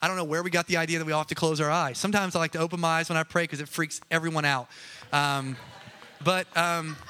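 A man's voice: fairly high pitch, steady tone, fast talker, bright, forceful tone, clear, resonant tone. A man preaching a casual, conversational sermon, chatty and joking with many asides. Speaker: pastor.

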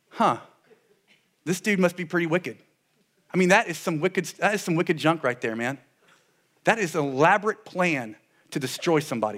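A man preaching a sermon in an animated way, with sarcastic asides, dropping his voice low for solemn points. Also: moderate pace, long pauses. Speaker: pastor.

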